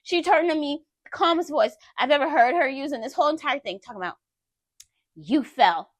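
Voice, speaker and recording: A woman's voice: high-pitched, expressive, fast talker, no echo. A woman telling a personal story to her viewers in a candid, conversational way. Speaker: vlogger.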